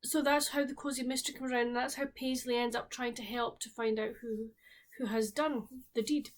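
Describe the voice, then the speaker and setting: A woman with a Highland Scottish accent chatting candidly to her viewers about books and baking. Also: steady tone, brisk. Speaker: book and baking vlogger. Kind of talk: casual book review and cooking chat.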